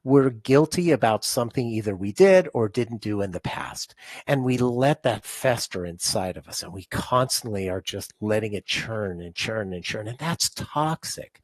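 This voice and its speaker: A man's voice: medium pitch, husky, no room sound. A man guest in an interview, explaining his ideas on stress in a conversational way, with many restarts and fillers. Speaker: podcast guest, stress-relief author.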